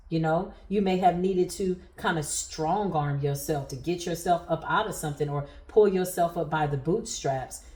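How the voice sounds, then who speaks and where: Woman tarot reader with a low voice and an emphatic, preaching delivery, recorded in a roomy space. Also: a little mellow. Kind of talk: spiritual tarot reading.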